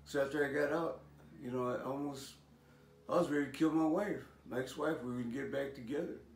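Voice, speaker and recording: A man's voice: medium pitch, fairly quick, creaky, a little hiss or hum. A man in his sixties from California gives a personal testimony about his life. He talks casually, with lots of "man" and "you know" and some street slang. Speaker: speaker sharing his life story. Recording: echoey room, voice from a distance.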